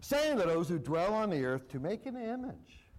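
A man's voice: sits high, big pitch swings, moderate pace, rough recording. A male pastor preaching a sermon, reading scripture aloud and repeating his points with emphasis.

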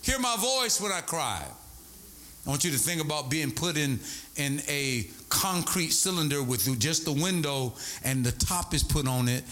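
A middle-aged man preaching a sermon from the pulpit, telling stories in an animated way that swings between high and low. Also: normal speed. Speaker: pastor.

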